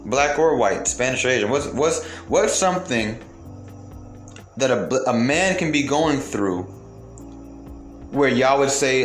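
A man's voice: mid-range voice, animated, a little slow, pauses often. A man delivering a heated, profane monologue to his viewers, firing off rhetorical questions. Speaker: commentator. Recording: roomy echo, faint music behind.

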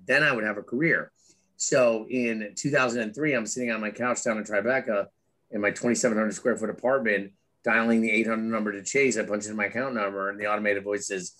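A middle-aged man speaks candidly as an interview guest, his voice sitting a little low. He stumbles through restarts and fillers, then picks up into animated storytelling. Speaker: guest, author and former Wall Street trader.

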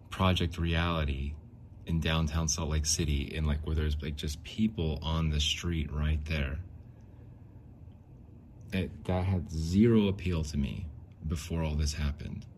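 A man's voice: rumbling low, fairly even intonation, a little slow, a little mellow, a little hiss or hum. A man talking in a casual, rambling monologue, repeating phrases and restarting often. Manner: rambling, repeats himself, frequent likes and restarts. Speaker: podcast host.

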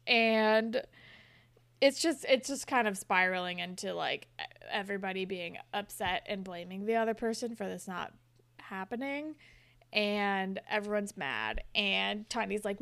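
A woman's voice: medium pitch, a little slow, creaky, fairly bright tone, clean tone, no echo, clean studio sound. A young woman co-hosting a casual chat, retelling a show's scenes and acting out the characters' lines. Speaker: podcast co-host recapping a TV episode.

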